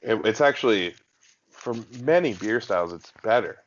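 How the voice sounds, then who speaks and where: A man's voice: on the low side, lively intonation, normal speed, muffled recording. A man co-hosting a podcast in casual chat, rambling with lots of fillers and restarts. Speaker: podcast co-host.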